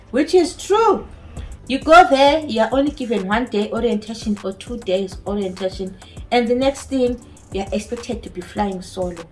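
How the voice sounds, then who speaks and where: A woman's voice: on the high side, rough recording. A woman with a non-native English accent, a care home nurse speaking earnestly and emphatically in a personal vlog. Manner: earnest, emphatic, repeats key phrases. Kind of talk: personal vlog talk to camera.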